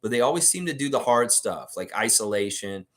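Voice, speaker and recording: A man's voice: medium pitch, expressive, brisk. A man hosting a live fan stream, reading viewer comments aloud and reacting to them in casual commentary. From Canada.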